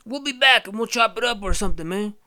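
A man voicing laid-back adult male homie toy figures, with a high, drawling, slangy way of talking. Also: lively intonation, quick pace, bright, forceful tone, full character voice. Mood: friendly.

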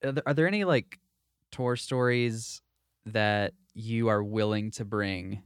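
A man's voice: lowish voice, measured pace, smooth, no echo, studio quality. A man hosting a casual podcast chat, rambling with fillers and restarts. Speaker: podcast host.

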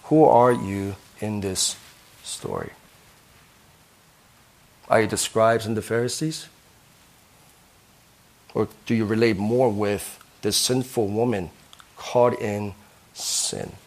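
A man's voice: on the low side, slow, pauses often. A man preaching a sermon as a pastor, earnest, who keeps asking his listeners questions and ending points with "right?".

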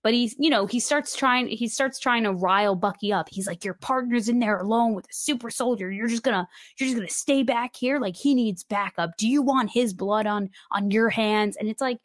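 A woman's voice: fairly high pitch, fairly quick, hardly any pauses, no echo, studio quality. A woman co-hosting a podcast, retelling episode scenes in casual chat and acting out the characters' lines as she goes. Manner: animated retelling, acting out quotes. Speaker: podcast co-host.

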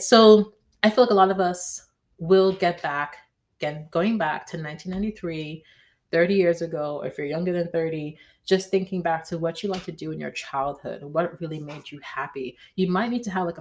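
A woman hosts a casual astrology podcast, chatting in a slangy way and often tagging her lines with "right?" to check in. Her voice is deep and a little mellow.

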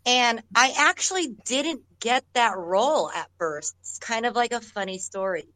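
Chatty actress telling stories, dry sound. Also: female voice, a little high, animated, unhurried, bright, forceful tone, dry recording, low-quality recording. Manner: rambling, chatty, many restarts and laughs. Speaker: actress guest. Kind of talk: casual storytelling in an interview.

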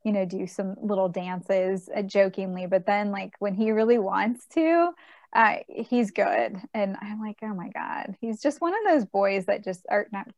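A woman's voice: medium pitch, measured pace, no echo. A woman co-hosting a casual chat, telling stories about her kids and laughing often. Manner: chatty storyteller, laughs often.

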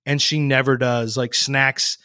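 A man's voice: mid-range voice, flat delivery, a little slow, sharp tone, no echo, clean studio sound. A man chatting casually, rambling with frequent ums and restarts. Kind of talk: casual chat.

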